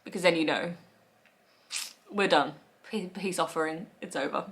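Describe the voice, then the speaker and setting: A chatty young woman with an Australian accent talks straight to camera in a playful, easygoing way. Her voice sits a little low, and she laughs often and slips into bits of quoted speech. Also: moderate pace, fairly bright tone. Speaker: vlogger. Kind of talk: casual chat to camera.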